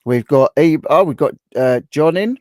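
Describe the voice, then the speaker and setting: A man's voice: a little high, animated, moderate pace, darkish tone. A man from England hosting a casual live stream chat, greeting viewers by name in a chatty way. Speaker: livestream host.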